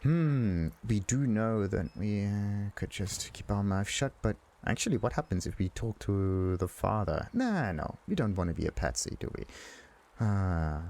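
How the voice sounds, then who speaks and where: A man's voice: fairly low pitch, animated, unhurried, creaky, a little mellow. A man hosting a game let's play, casually reading dialogue options aloud, chuckling and musing to himself. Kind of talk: casual gameplay commentary.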